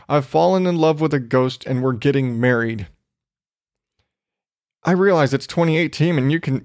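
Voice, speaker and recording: A man's voice: mid-range voice, gravelly, dry recording, clean studio sound. A man hosting a podcast in a casual monologue, ranting with lots of swearing and laughter. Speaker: podcast host.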